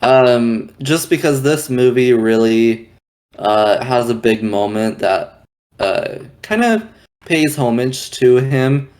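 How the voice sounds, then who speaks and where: Halting male co-host, mid pitch, chatty trivia. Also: lively intonation, darkish tone. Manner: hesitant, many "um" and "uh". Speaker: podcast co-host reviewing a film. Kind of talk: casual chat.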